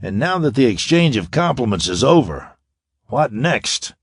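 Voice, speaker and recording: A man voicing a calm, brilliant young space-hero scientist in an audiobook, speaking coolly and with assurance. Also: mid-range voice, measured pace, slightly rough, no room sound, studio quality, pitched above the performer's own voice, heavily acted.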